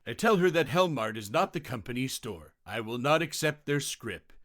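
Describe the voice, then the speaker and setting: A man narrating online customer-service stories in a steady, scripted reading style. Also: mid-range voice, normal speed, dry recording, clean studio sound.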